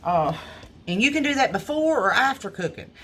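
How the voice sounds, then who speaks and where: In this casual phone-shot cooking video, a woman who cooks at a small restaurant speaks in a higher, sing-song, fairly bright voice at a moderate pace. She's homey and chatty, calling viewers y'all, with a little hiss or hum in the audio.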